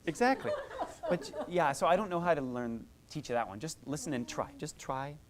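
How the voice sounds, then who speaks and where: A woman's voice: low-pitched, expressive, normal speed, noisy background. A woman music therapist teaching a group, chatty and encouraging, demonstrating vocal sounds and laughing often. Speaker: music therapist leading a workshop.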